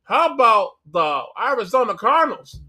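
A man voicing a brash, boastful Southern cousin in a mock drawl, rambling loudly with crude jokes. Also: sits high, a little fast. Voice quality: mock Southern drawl, bragging sports talk. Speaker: podcast co-host.

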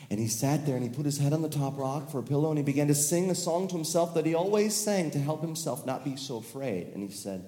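A man telling a children's story live, playful and animated, with sound effects and laughter. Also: fairly high pitch, fast, hardly any pauses. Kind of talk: live storytelling to a family audience. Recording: echoey hall with long reverb.

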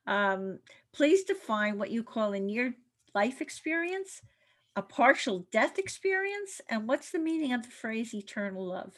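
A woman's voice: a little high, very animated, a little slow, fairly bright tone. A woman hosting an interview, reacting with enthusiasm and asking her guest questions. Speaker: host.

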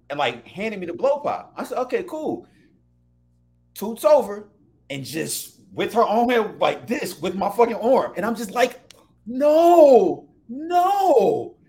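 A man telling a story in casual chat, animated and profane, often laughing. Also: a little high.

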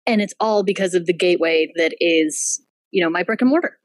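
A woman, a henna artist and business owner, telling a story in casual chat, animated, laughing and swearing freely. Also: fairly low pitch, brisk, dry recording, rough recording. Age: adult with a child.

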